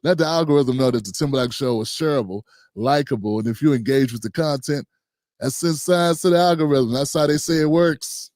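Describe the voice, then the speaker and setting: A man's voice: medium pitch, a little fast, a little mellow, dry recording, studio quality. An older man hosting a livestream, casual and joking, rambling and talking to himself. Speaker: host.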